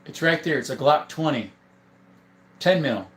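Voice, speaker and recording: A man's voice: a little high, measured pace. Man casually answering livestream chat. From southern Arizona. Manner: relaxed, answers viewer questions one by one. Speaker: gun channel host reading live chat. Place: indoor room full of guns.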